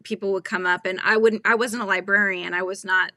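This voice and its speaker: Talking through crochet pattern steps live with viewers, a Californian woman thinks out loud in a brisk, bright, forceful voice. Her pitch is mid-range with fairly even intonation, and there's no room sound.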